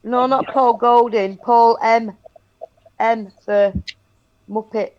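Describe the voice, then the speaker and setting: A woman's voice: a little high, fairly even intonation, slow pace. A woman co-hosting a livestream panel, laid-back, chiming in with short agreeing replies over a remote call. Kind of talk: casual chat. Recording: dull lo-fi call audio.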